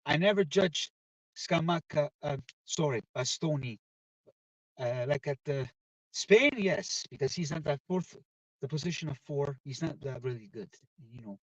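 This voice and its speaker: A man hosting a casual football livestream, reading viewer comments aloud and answering them with animated opinions, slipping between English and Italian. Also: on the high side, moderate pace, no room sound, recorded from a distance, lo-fi sound. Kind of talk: casual live-stream chat.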